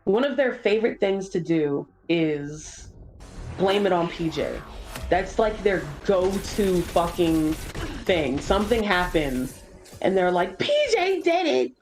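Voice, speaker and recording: A young woman chatting casually during a game stream, telling stories with lots of "like" and swearing, copying kids in squeaky voices. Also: animated, takes it slowly, darkish tone, soft background music, poor audio. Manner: casual swearing, says "like" a lot. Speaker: streamer co-host. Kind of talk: casual chat while gaming.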